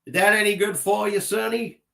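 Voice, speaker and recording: A man's voice: high-pitched, fairly even intonation, a little fast, creaky, sharp tone, roomy sound, voice pushed up, heavily acted. A British man with a stuffy nose putting on an exaggerated Southern American accent, calling someone sonny. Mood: hammy. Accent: put-on Southern US.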